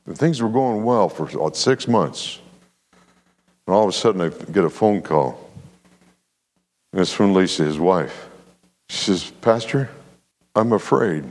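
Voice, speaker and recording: A man's voice: low voice, a little slow, long pauses, long reverb tail. A man preaching a sermon as pastor, telling a story and calling for amens from the congregation. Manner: preaching with call-and-response amens, animated storytelling.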